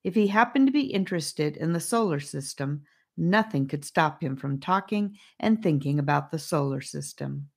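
A woman's voice: sits low, expressive, normal speed, creaky, slightly rough. A woman narrating a storybook, reading aloud and addressing the listener. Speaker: audiobook narrator.

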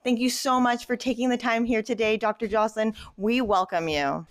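A woman's voice: on the high side, fairly even intonation, fairly quick, no room sound, studio quality. A woman host reading a formal, scripted introduction of her guest.

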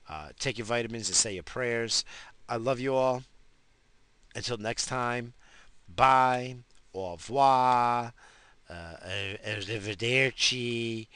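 A man's voice: on the low side, sharp tone. A man hosting a podcast, rambling casually with crude, profane jokes. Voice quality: gravelly. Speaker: podcast host.

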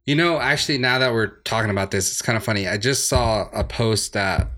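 Man, podcast host, lowish voice, bright forward tone, easygoing chat. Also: fairly quick. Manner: relaxed, chatty, lots of fillers. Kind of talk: casual gaming podcast chat.

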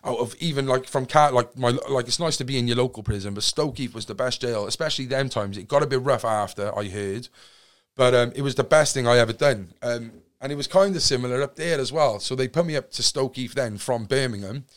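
A man's voice: medium pitch, fairly quick. South Welsh man telling stories. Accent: South Wales. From Cardiff, Wales. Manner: swearing freely, rambling with many restarts. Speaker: podcast guest. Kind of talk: casual storytelling chat.

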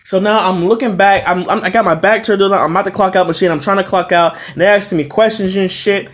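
A man hosting his own podcast, telling a workplace story in a profane, animated way and tired after a long day. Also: high voice, quick pace, hardly any pauses. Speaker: podcast host. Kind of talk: casual storytelling monologue.

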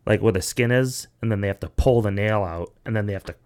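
A man's voice: lowish voice, quick pace, a little mellow, smooth. A young man hosting a podcast, telling long, rambling, profane stories in casual chat, with lots of "like" and "you know". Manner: rambling, profane storytelling full of "like". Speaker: podcast host.

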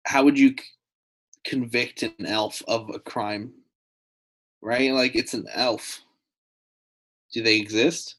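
A man in a casual comedic podcast chat, trading crude jokes with the others. His voice sits in a plain middle range, and his delivery is excitable and swearing. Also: mid-range voice, slow pace, long pauses, low-quality recording.

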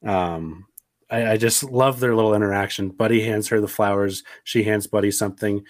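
An earnest man talks through a film in casual chat, his voice sitting a little low. He sounds reflective and restarts his sentences often. The sound is dry and close. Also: fairly even intonation, moderate pace, no room sound. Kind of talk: casual movie discussion. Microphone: headphones on, desk mic.

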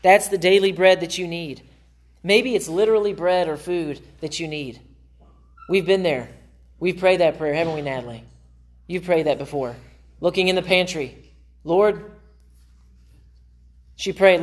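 A man's voice: a little high, normal speed. A man pastor preaching a sermon in a church, earnest and conversational. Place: church sanctuary.

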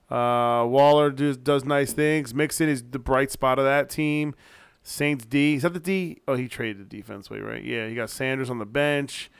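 A man's voice: medium pitch, clear, resonant tone, no echo, studio quality. A young man co-hosting a podcast in casual banter, wry and teasing, rambling with fillers. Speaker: podcast co-host.

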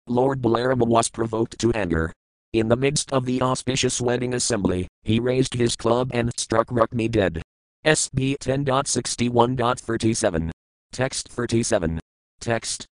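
A man reading scripture aloud in a measured, list-like way, giving each word and its meaning before a translation. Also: mid-range voice, no echo, rough recording. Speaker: scripture reader.

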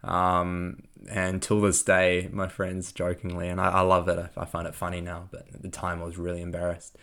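A young man telling a personal story in a reflective way, laughing often and filling pauses with lots of ums. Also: sits low, monotone, creaky, a bit bright.

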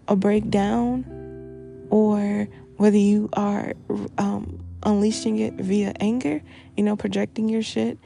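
A woman hosting a podcast speaks in a candid, emphatic monologue, circling back to repeat her phrases and swearing freely. Her voice is mellow with a gravelly fry at the edges. Soft guitar music plays faintly behind her. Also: medium pitch. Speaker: podcast host. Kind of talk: reflective personal monologue.

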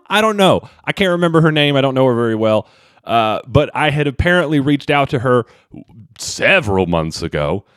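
Animated self-mocking podcast man, slight twang. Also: dry recording, clean studio sound. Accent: slight Southern twang. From Kentucky. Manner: animated, jumps pitch for comic emphasis, self-mocking. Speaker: podcast host and stand-up comedian. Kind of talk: rambling solo podcast monologue.

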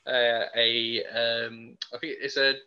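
A young man co-hosts a podcast, talking about films casually and enthusiastically and using plenty of fillers. His medium-pitched voice has little pitch movement, a clean tone and a slow pace, though the lo-fi podcast audio sounds dull.

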